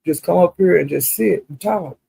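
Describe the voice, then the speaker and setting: Gravelly gossiping man chatting to his stream. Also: sits high, moderate pace, mellow, no room sound, low-quality recording. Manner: gossipy, drawling, addresses chat directly. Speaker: commentator recapping livestream drama. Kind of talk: casual chat to a livestream audience.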